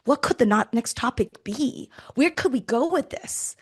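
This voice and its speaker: A woman's voice: fairly high pitch, animated, moderate pace, husky. A woman recruiter talking bluntly and animatedly in a casual interview, swearing freely. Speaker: recruiter guest.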